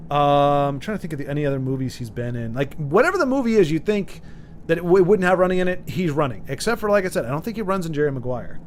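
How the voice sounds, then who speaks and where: A man's voice: a little high, animated, quick pace, slight background noise. A man streaming live, chatting casually and rambling while he reads out viewer comments, with frequent restarts and chuckles.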